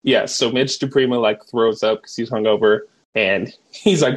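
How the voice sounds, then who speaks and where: A man's voice: mid-range voice, moderate pace, husky. A man co-hosting a podcast, casually chatting and acting out movie quotes with frequent laughter. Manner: laughing, acts out quotes in raised voice. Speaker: podcast co-host. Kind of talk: casual chat, quoting movie lines.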